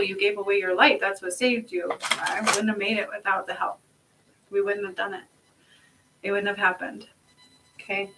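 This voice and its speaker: A woman's voice: mid-range voice, far from the mic, background noise. A woman giving a casual spiritual card reading to her viewers, talking emphatically and chattily, swearing now and then and often checking in with "okay?". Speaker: spiritual healer and card reader.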